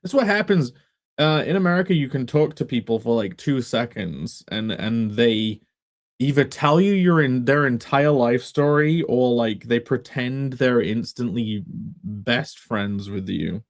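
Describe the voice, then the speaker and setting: A man's voice: animated, measured pace. An English man chatting casually on a live stream from a half-emptied room at home, meandering and wry. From England. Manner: meandering and wry, with big pitch swings.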